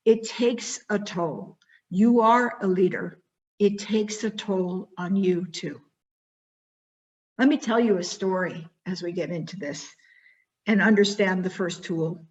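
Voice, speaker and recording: A woman giving a motivational talk, telling a personal story expressively and then guiding listeners through a slow reflection. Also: medium pitch, highs cut off. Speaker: keynote speaker.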